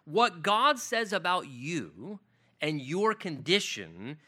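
A man's voice: on the high side, very animated, slow pace, bright, forceful tone. A male pastor preaching an earnest sermon, building to emphatic peaks and repeating key words.

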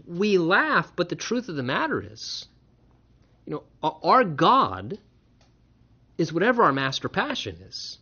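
Pastor guy preaching, kinda high voice, jokes around a lot, muffled lo-fi sound. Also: measured pace, pauses often, slightly rough. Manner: animated, with wry humorous asides. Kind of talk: sermon. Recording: dull lo-fi recording.

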